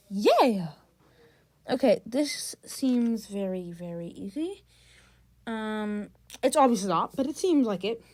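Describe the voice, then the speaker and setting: A woman's voice: mid-range voice, animated, slow pace, a little mellow, no echo. A young woman giving casual gameplay commentary, chatty and exasperated, talking straight to her viewers. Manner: chatty, exasperated, talks to chat. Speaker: gaming vlogger.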